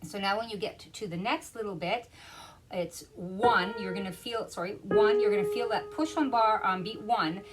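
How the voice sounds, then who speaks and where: A woman's voice: mid-range voice, normal speed, poor audio. A woman piano teacher explaining rhythm in a lesson, counting beats aloud and half-singing them. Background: piano playing.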